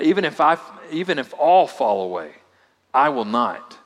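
A man's voice: mid-range voice, big pitch swings, moderate pace. Man preaching in a reverberant hall. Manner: dynamic delivery, swinging from loud emphasis to hushed asides. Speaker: pastor. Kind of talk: sermon.

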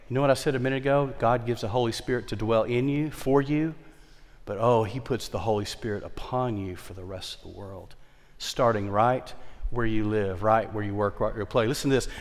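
A male pastor preaching a sermon with emphatic delivery and wide swings in pitch and loudness. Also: brisk. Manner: emphatic preaching, repeats key phrases, dynamic swings in pitch and volume. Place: large church worship center. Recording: long hall reverb.

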